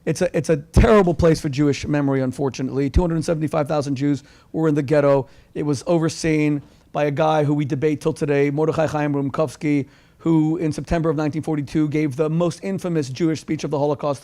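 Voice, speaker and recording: Host, male, fired-up rhetorical opener with a fairly high voice. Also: fairly even intonation, quick pace, mellow. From United States. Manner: impassioned, rhetorical, stumbles over repeats. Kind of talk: event introduction speech.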